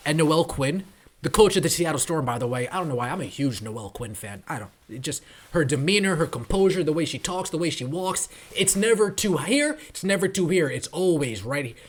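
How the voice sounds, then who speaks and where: A male podcast host in full rant mode, swearing freely and dripping with sarcasm. His voice sits a little higher than most men's. He tears into a coach's decisions with rising heat. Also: lively intonation, a little fast. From New York tri-state area. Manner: fired-up, profane, sarcastic. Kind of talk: ranting sports commentary.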